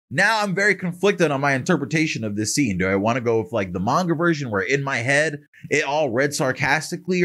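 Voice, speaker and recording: A man's voice: mid-range voice, fairly bright tone. A man hosting an anime reaction channel, giving chatty commentary full of slang and tag questions.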